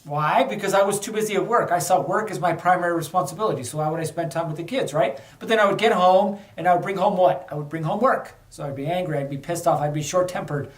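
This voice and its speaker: A man's voice: sits high, fast talker, hardly any pauses. A middle-aged man, a podcast host, telling a candid personal story with a lesson, in a casual conversational way. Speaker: podcast host, former undercover officer. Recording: echoey room, a bit far from mic.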